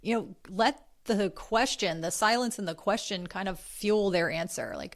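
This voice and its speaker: A woman's voice: medium pitch, moderate pace, hardly any pauses. Chatty woman hosting a podcast. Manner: warm, earnest and chatty, with asides. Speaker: podcast host. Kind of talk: casual podcast talk.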